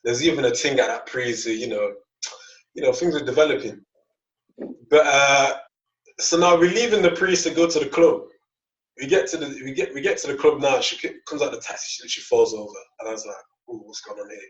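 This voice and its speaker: A man's voice: medium pitch, a little fast. Young man telling a rambling story, echoey. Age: young adult. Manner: rambling, repeats words, acts out dialogue. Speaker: podcast co-host. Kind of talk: casual storytelling chat. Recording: echoey, distant, dull lo-fi mic.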